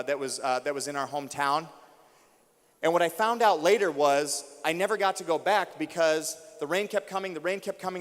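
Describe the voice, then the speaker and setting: A young adult American man with a slightly high voice delivers an emotional, storytelling keynote to a room of teachers. He builds intensity through repeated refrains. His voice rings with the long reverb of a large auditorium. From United States.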